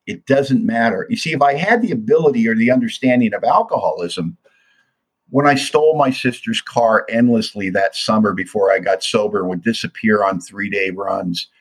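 A man's voice: on the low side, husky, poor audio. An older man giving an earnest, confessional talk about his own recovery. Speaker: recovery speaker. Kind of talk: personal testimony talk.

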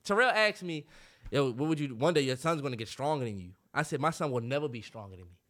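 A man in his twenties with a medium-pitched, slightly bright voice talks at a quick pace with lively intonation while co-hosting a podcast. He keeps things casual and profane, imitating the voices of the people he quotes.

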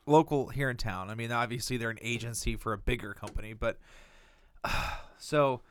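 A man's voice: mid-range voice, normal speed. A man telling a long, exasperated story in casual chat, swearing a lot and acting out the people he quotes.

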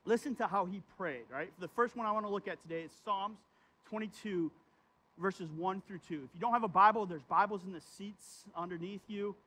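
A man with a notably high speaking voice delivers a sermon. His tone is conversational, he keeps checking in with "right?", and he reads the verses with real feeling. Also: a little fast, sharp tone, slightly rough. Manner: reads scripture aloud with feeling. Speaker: pastor.

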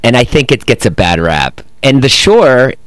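A man's voice: medium pitch, sing-song, normal speed, fairly bright tone, dry recording. A man from Boston who speaks without an accent, chatting as a guest and telling wry stories. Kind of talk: casual chat, storytelling.

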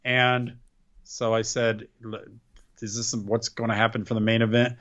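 A man's voice: mid-range voice, little pitch movement, normal speed, a bit bright, muffled recording. A man co-hosting a casual wrestling podcast, sarcastic and complaining, often tripping over his words. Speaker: podcast co-host. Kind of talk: casual wrestling recap chat.

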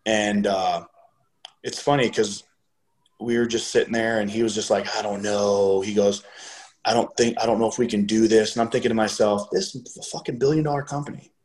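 A middle-aged man casually telling a story, swearing freely and getting animated when he quotes other people. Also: fairly low pitch, normal speed, poor audio.

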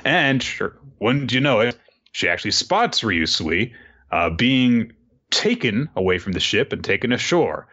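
A man casually recapping a story chapter, animated, quoting the characters in goofy voices. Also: on the low side, unhurried. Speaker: podcast co-host. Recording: dull lo-fi audio.

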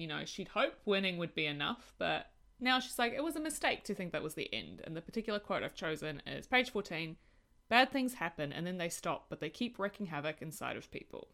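A woman's voice: lowish voice, bright, forceful tone. A woman with an Australian accent, co-hosting a casual book podcast, earnest and reflective. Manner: earnest, reflective, laughs easily. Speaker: podcast co-host.

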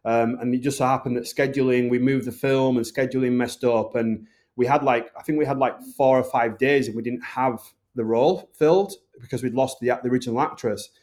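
A man's voice: mid-range voice, fairly even intonation, a little fast, a little mellow. Earnest Northern English man, rambling. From Northern England. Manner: earnest, rambling, filler-heavy. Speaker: film director, guest. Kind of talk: casual interview talk.

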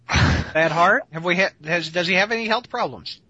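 A man's voice: high-pitched, normal speed, sharp tone, husky, dry recording, muffled recording. A man co-hosting a casual chat, asking questions and reading out notes. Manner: asks questions, reads out notes. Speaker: podcast co-host.

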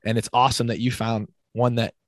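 A fitness coach talking as a podcast guest, energetic and casual, with lots of "like" fillers. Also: male voice, medium pitch, fairly quick, dry recording. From Midwest United States. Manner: energetic, heavy use of "like".

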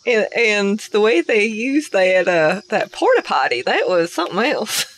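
A young woman playing a tabletop role-play game, giggly and playful, turning soft and soothing when she speaks in character. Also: mid-range voice, sing-song, unhurried, slight background noise.

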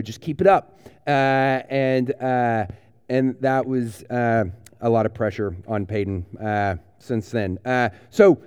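A man gives a children's sermon, joking with the kids in a loose, conversational way. His voice is mellow and warm rather than bright, and it sits at an ordinary middle pitch. The sound is dry and close, with no room echo. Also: smooth. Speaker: pastor.

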